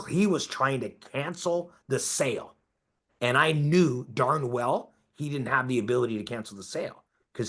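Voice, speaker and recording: An emphatic man coaching a room of agents at an ordinary mid-range pitch. He keeps pressing his listeners for agreement with pointed questions. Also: vocal fry, fairly bright tone, breathy edge. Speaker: real estate coach. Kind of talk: coaching talk to a group.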